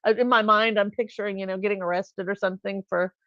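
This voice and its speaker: A middle-aged Californian woman hosting a livestream talks quickly in a medium-pitched voice with fairly even intonation. She's chatty, telling anecdotes and acting out the people involved, and the dull lo-fi audio has no echo.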